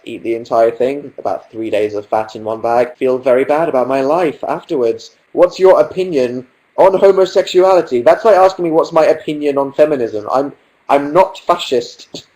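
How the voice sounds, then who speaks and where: A man's voice: mid-range voice, dark tone, poor audio. A young man hosting a casual livestream from his sofa at home, answering viewer questions in a dry, self-mocking way. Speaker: livestream host.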